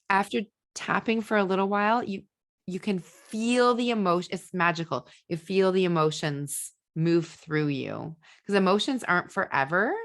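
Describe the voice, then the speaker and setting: A woman's voice: lowish voice, measured pace. A woman hosting a podcast, giving casual parenting advice with fillers and restarts, acting out venting voices. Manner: animated, acts out venting voices. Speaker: podcast host and ADHD parenting coach.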